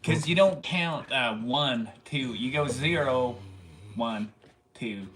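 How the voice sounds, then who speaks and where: A man's voice: medium pitch, slow, fairly bright tone, slight background noise. A man joining a livestream as a guest, bantering and cracking jokes. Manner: joking banter. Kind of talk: casual livestream chat.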